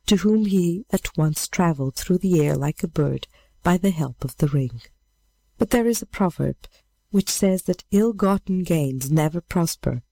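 A woman reading a fairy tale aloud in a measured, steady way. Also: lowish voice, no room sound. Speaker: storyteller.

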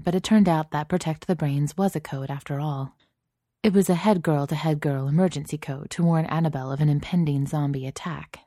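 A woman reading a story aloud as narrator, in a dry, even storytelling manner. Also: sits low, dry recording. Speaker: audiobook narrator. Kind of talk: scripted narration.

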